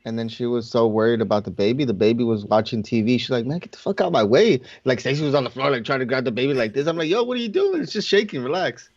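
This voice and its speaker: A man co-hosting a casual podcast, blunt and teasing, cursing freely. His voice sits at a middle pitch. The sound is dry and dull. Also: rapid-fire, few pauses, a little mellow, no room sound. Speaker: podcast co-host. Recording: dull, muffled audio.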